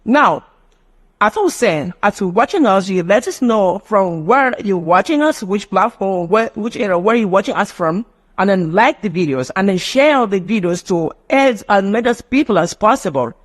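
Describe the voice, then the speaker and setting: A man with a noticeably high voice and a Nigerian English accent leads a live online phonetics lesson. He lectures and explains, repeating key words as he goes. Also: expressive, moderate pace, fairly bright tone. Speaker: phonetics teacher.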